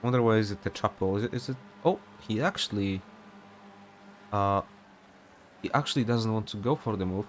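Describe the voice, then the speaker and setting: A young man calls an online sim race in a loose, chatty, rambling way, full of fillers and side remarks. His voice sits on the lower side. A faint hum runs underneath. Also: moderate pace, pauses often. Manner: casual, rambling, many fillers and asides. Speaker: sim racing commentator. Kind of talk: live race commentary.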